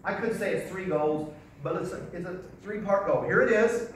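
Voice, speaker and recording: A man teaching a live sales seminar in a folksy, animated way, repeating his key phrases. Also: high voice, normal speed, slight background noise. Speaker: sales trainer. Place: large echoey hall. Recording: echoey hall, voice from far off.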